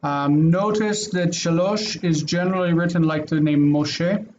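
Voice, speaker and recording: A man's voice: a little high, measured pace, darkish tone, highs cut off, slight background noise. A man teaching a Hebrew class online, explaining patiently step by step with frequent fillers.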